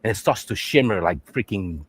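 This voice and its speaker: A man's voice: lowish voice, normal speed, breathy edge, no echo. A man telling a long, profane joke in casual live-stream chat, laughing as he goes. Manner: animated, profane storytelling with laughter.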